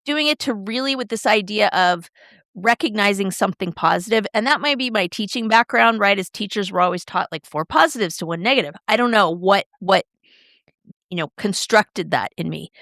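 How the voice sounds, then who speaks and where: A woman's voice: medium pitch, no echo. Chatty middle-aged woman, dry close sound. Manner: chatty, expressive, quick shifts in tone. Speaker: podcast co-host. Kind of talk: casual chat.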